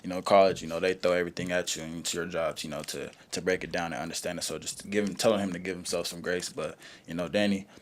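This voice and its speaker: A young man, a college football player, answering press conference questions in a relaxed way, full of "you know" and "um". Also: low-pitched, fast talker, hardly any pauses, a little hiss or hum. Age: young adult.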